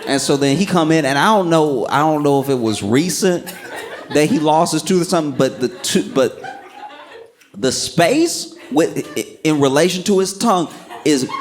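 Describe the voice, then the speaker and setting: A man's voice: a little high, normal speed, a little hiss or hum. Young man telling a laughing stand-up story. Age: young adult. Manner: animated, laughing through his own story. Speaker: stand-up comedian.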